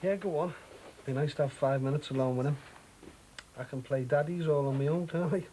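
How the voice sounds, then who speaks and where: An actor playing a young father, gently teasing and reassuring. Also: a little high, brisk, a little hiss or hum, lightly acted, poor audio. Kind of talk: soap opera acting.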